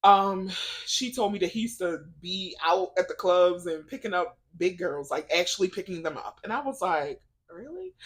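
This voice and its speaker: A woman vlogging in a casual, faith-based chat, telling stories in an animated, emotional way with lots of laughter and "like". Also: medium pitch. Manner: chatty storytelling, lots of "like".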